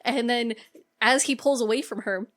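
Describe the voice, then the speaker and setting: A woman co-hosting a podcast, retelling a film scene by scene with lively acted-out quotes. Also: fairly high pitch, moderate pace. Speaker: podcast co-host. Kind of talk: casual film recap chat.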